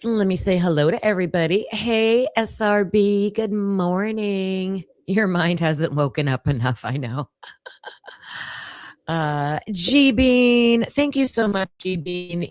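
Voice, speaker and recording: Groggy with a morning voice, a woman speaks low as she hosts a laid-back livestream. She talks to her chat constantly and fills her speech with fillers, captured on a dry, clean studio recording.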